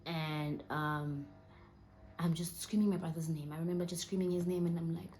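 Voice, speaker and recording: A Southern African-accented vlogger in her twenties sits indoors recounting a personal story, near tears and often quieting to almost a whisper. She has a low, steady, slightly mellow voice and keeps a moderate pace.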